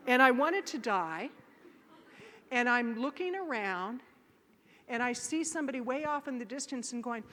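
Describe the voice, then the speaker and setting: A woman giving a motivational keynote in a large conference hall, telling a story with animated acted-out voices and shouts. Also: sits high, measured pace, long pauses, a little hiss or hum. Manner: animated, acts out voices and shouts in her stories. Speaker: keynote speaker. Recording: live conference hall with long reverb.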